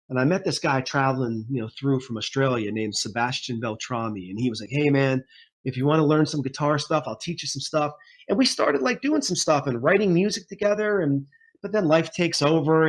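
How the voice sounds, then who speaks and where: A man in his forties, a guest musician telling his story in a rambling, casual interview, laughing often. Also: fairly high pitch.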